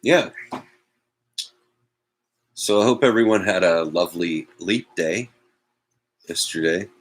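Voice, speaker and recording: A man with a low, deep voice hosts a loose talk show from his home. He speaks slowly and drifts from topic to topic, with wry, self-mocking asides. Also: poor audio. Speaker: host. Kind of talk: casual political chat.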